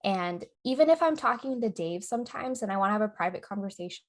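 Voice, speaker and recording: A woman's voice: medium pitch, animated, quick pace. A young adult woman co-hosting a podcast in casual chat, laughing often and tagging her points with "right?" and "okay?". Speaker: podcast co-host.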